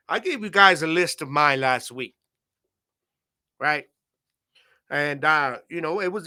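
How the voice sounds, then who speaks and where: Bright-voiced laid-back podcast host man. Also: a little high. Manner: laid-back, slangy, lots of "man" and "you know". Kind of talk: casual solo podcast talk.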